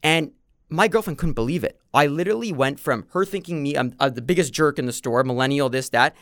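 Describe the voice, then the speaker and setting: Animated man telling a story. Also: on the high side, fairly quick, dry recording, studio quality. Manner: animated storyteller, acts out quoted exchanges. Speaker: podcast guest. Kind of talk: casual conversation.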